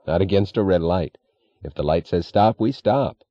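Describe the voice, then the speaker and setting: A man's voice: low voice, lively intonation, moderate pace, warm tone, no room sound, lo-fi sound. A man reading the part of a wary train engineer who talks bluntly and defensively. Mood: stubborn.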